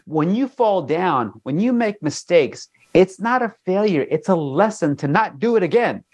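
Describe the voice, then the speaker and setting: Earnest motivational man, slightly high. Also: very animated, normal speed, darkish tone, husky. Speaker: guest, jewelry designer. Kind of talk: interview talk.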